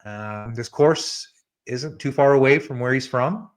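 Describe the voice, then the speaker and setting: A man of middle pitch hosting a podcast in an easygoing, conversational way. He talks loosely and chattily, turning now and then to his co-host as he goes. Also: measured pace. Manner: relaxed and chatty, addresses co-host by name. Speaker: podcast host giving betting picks. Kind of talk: casual podcast chat.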